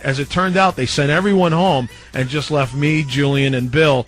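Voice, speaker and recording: Man, fairly high voice, former radio DJ, animated storyteller, acts out quotes, faint music behind. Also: normal speed, few pauses. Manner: animated, acts out other people's quoted lines. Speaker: former radio mix-show DJ, guest. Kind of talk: casual storytelling interview.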